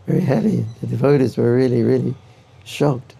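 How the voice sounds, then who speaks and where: Gravelly older man telling chuckling anecdotes. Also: medium pitch, fairly even intonation, a little slow, mellow. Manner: chuckles often while telling stories. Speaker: senior devotee giving a talk. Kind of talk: anecdotal spiritual talk.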